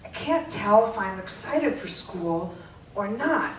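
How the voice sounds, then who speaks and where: A woman reading her teenage diary aloud at a live stage show, deadpan and often breaking into laughter. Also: mid-range voice, slow pace, far from the mic, a little hiss or hum. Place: theater stage before a laughing audience. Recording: roomy live theater recording with loud audience.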